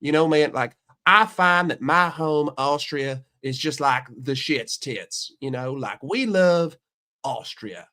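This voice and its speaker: Man's impression of a Southern-drawling golfer, lazy and easygoing, a bit high. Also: takes it slowly, sharp tone. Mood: mocking. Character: laid-back male pro golfer with a Southern drawl.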